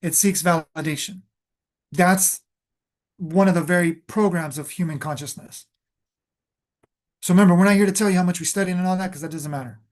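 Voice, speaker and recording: A spiritual coach with a mid-pitched voice delivers a motivational talk. The speech is emphatic and loose, hammering points home through repetition and often pausing on fillers and restarts. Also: darkish tone. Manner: emphatic, repeats phrases for stress.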